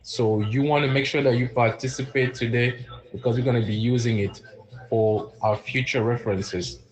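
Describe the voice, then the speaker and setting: A man's voice: mid-range voice, fairly even intonation, normal speed, poor audio. A man teaching a casual livestream French lesson, spelling words out letter by letter and greeting viewers by name. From French-speaking.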